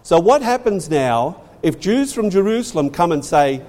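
A man preaching with a lively, swooping delivery that climbs high for emphasis and drops low to drive a point home. His slightly high voice rings out with a long reverb, as in a large church hall. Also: moderate pace, hardly any pauses. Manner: emphatic, rising and falling for stress, repeats phrases. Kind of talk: sermon.

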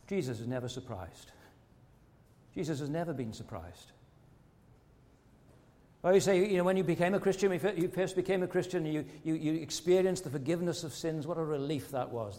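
A man's voice: on the high side, dark tone, long reverb tail. A man preaching a sermon earnestly, asking rhetorical questions and often repeating words as he goes.

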